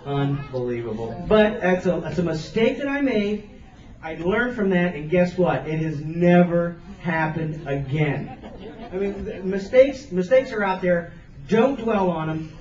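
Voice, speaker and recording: A man's voice: sits high, animated, a little slow, a little mellow. A man giving an earnest, emphatic motivational speech to students, repeating phrases for stress. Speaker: motivational speaker. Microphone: camcorder from the audience. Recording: roomy, distant, dull camcorder sound.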